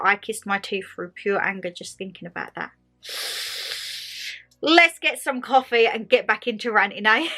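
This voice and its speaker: A woman hosting a casual chat video, ranting animatedly and acting out what people say. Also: a little high. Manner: animated storyteller, acts out quotes, laughs often. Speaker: vlog host. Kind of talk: casual chatty rant. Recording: faint music underneath.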